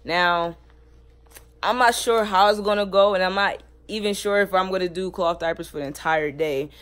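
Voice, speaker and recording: A man, a parent, chatting casually in a home family vlog and talking gently to his baby, loose and relaxed with lots of filler words. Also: high voice, moderate pace, clean tone.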